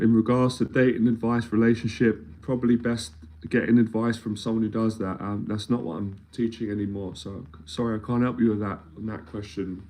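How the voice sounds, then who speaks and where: With a fairly low, mellow voice, this London man mentors people on anxiety during a live-streamed talk. He speaks with earnest emphasis, frequently repeating phrases as a point builds.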